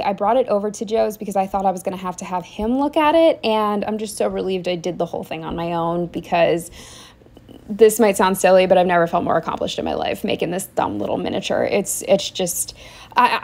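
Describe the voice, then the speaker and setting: Young woman, casual vlog chat, rambling, filler words, mid pitch. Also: darkish tone. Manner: chatty, rambling, frequent fillers and restarts. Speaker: vlogger. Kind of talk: casual diary-style chat.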